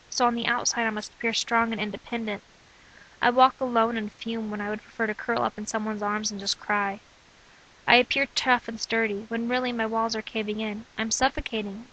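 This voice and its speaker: A young woman reads her personal diary entries aloud in a steady, earnest voice. Her tone is bright and forceful, sitting a little high for a woman. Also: low-quality recording. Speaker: narrator of own testimony.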